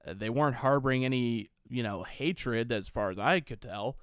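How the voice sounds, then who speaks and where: A man's voice: mid-range voice, moderate pace, fairly bright tone, smooth, dry recording, clean studio sound. A young man from Austin, Texas giving a sarcastic, exasperated solo movie rant, swearing freely. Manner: mocks dialogue in silly voices. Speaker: movie reviewer. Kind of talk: ranting solo commentary.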